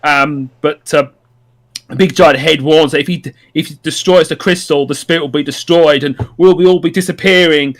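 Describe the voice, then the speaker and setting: A man with a slightly higher voice talks through a plot on a podcast, stopping and restarting his sentences and filling gaps with ums and uhs. His delivery is casual and meandering, the chatty recap of a regular co-host. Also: steady tone, normal speed. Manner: rambling, many ums and restarts.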